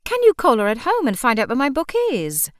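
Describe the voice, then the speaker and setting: A woman reading an audiobook voices an irritable, overbearing woman customer with a shrill, impatient manner. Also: huge pitch swings, a little fast, no echo, clean studio sound.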